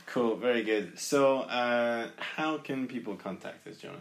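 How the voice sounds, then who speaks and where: A man's voice: medium pitch, unhurried, echoey room. A man co-hosting a podcast who keeps laughing and teasing his partner. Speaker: podcast co-host. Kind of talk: casual podcast chat.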